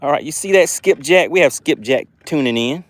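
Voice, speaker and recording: A man's voice: a little high, lively intonation, fairly quick, no echo. A man hosting a fishing live stream from a boat outdoors, chatting and thanking his viewers.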